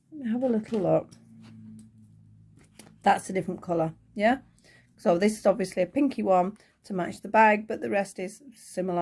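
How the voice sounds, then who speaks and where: A woman's voice: medium pitch, breathy edge. A woman from the UK chatting as she unboxes and reviews doll accessories, thinking aloud as she goes, with a voice she says is going. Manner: chatty, thinking aloud, small excited gasps. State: losing her voice. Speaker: toy unboxing vlogger.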